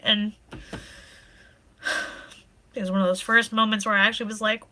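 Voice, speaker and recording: Young woman streamer rambling to chat, bright clear voice, laughs a lot, kinda teary. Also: medium pitch, level tone, fairly quick, pauses often. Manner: rambling, laughs often, tearful at times. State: pregnant. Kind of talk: casual chat with live chat.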